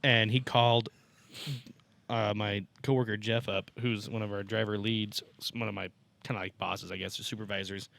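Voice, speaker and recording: A man's voice: on the low side, little pitch movement, moderate pace, creaky, fairly bright tone. A man on a podcast, chatting casually and telling a rambling, profane work story that he keeps laughing at. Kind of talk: casual chat.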